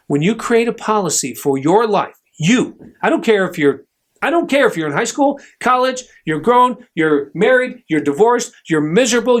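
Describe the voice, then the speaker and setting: A middle-aged man with a somewhat high voice gives a motivational talk. He tells his stories with emphasis and acts out the voices. His pitch swings widely. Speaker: podcast host, chiropractor.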